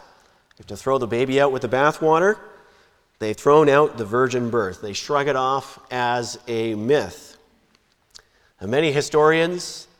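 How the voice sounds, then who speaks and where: Male preacher in a reverberant hall. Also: a little high. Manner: measured, emphatic preaching with lifts and drops. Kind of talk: sermon.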